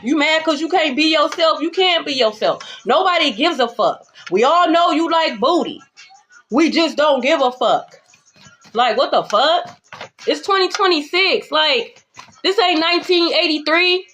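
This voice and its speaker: A woman giving a spiritual tarot reading to her viewers, blunt and profane, swinging between calm reassurance and heated calling-out. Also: high voice, a little slow, a little hiss or hum. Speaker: tarot reader. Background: background music.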